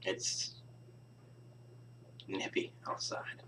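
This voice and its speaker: Speaking extremely slowly over background noise, this young man vlogs, rambling casually to the camera. His speech is mumbled, frequently fading into near-whispers, broken up by sighs and laughter.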